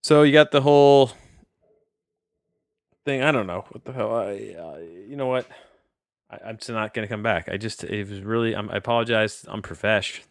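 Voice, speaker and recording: Young adult male podcast reviewer: rambling, self-interrupting, excitable, low-ish voice, dry recording. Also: normal speed, pauses often, clear, resonant tone, no room sound. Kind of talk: casual film review chat.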